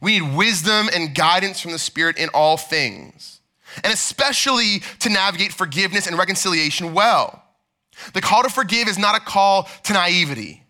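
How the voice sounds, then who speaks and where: Bright, high-voiced man preaching a sermon. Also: animated, moderate pace. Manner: earnest preaching, dropping to hushed tones then rising for emphasis. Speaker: pastor. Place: church sanctuary.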